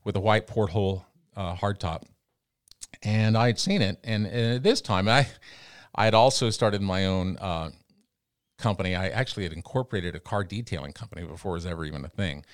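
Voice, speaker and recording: A middle-aged man from the Amarillo, Texas area, a radio broadcaster, telling animated stories full of quoted dialogue as a guest in an interview. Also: low-pitched, brisk, clean tone, no echo, clean studio sound. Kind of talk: casual storytelling.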